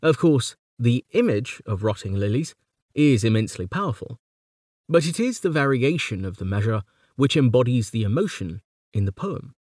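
A man reading a scripted lecture in a measured, precise way, letting quoted lines of verse slow down and swell. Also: medium pitch, sing-song, darkish tone, no room sound, clean studio sound. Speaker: lecturer on poetry. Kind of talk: scripted educational narration.

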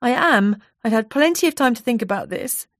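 An anxious, tearful young woman talks fast and strained, her voice lifting well above its usual place, voiced by a woman reading an audiobook. The sound is dry and close to the mic. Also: fairly high pitch, animated, no room sound, pitched above the performer's own voice, lightly acted. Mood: insistent. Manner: raised, insistent, emotional.

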